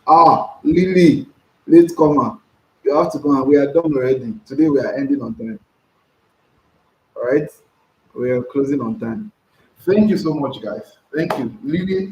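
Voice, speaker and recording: The host of this casual live stream has a mid-range, slightly mellow voice. He chats, reads comments aloud, answers them, and repeats himself often, captured in roomy, dull lo-fi sound with faint noise.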